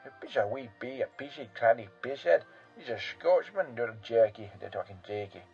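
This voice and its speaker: A man's voice: on the high side, very animated, normal speed, darkish tone, muffled recording, faint music behind. A man playing a rambling, boastful European man who pokes fun at himself, in a comic character monologue full of fillers and asides.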